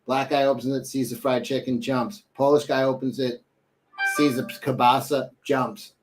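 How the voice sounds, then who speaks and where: With music playing behind him, the co-host speaks at medium pitch in a level tone and normal speed. The young adult man rambles through casual chat, full of fillers, using put-on voices for his jokes.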